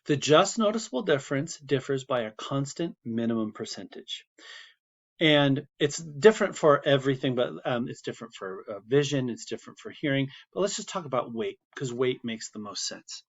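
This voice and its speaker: A man's voice: mid-range voice, animated, moderate pace. A man teaching a psychology lesson in a casual, chatty way, with asides and fillers. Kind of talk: classroom video lecture. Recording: slightly muffled lo-fi recording.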